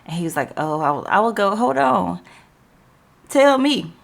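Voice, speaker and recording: Slangy woman telling a story, gravelly. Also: mid-range voice, normal speed. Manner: animated, slangy, acts out quoted dialogue. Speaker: podcast host. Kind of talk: casual storytelling.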